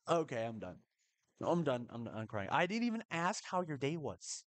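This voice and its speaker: Excitable male streamer narrating his own play live; a fairly high voice, recorded close and dry. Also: no room sound. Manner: excitable, rapid repeated protests. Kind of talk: live gameplay commentary.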